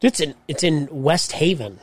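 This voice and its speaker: Blunt, profane man, slightly high voice. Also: lively intonation, no room sound. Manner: blunt, profane, quick replies. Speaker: podcast co-host. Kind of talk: casual chat.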